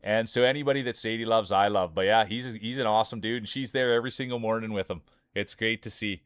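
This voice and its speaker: A man from Canada hosting a live stream, chatty and excitable, laughing often and calling people "dude". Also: on the low side, quick pace, clean tone, dry recording, studio quality. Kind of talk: casual live-stream commentary.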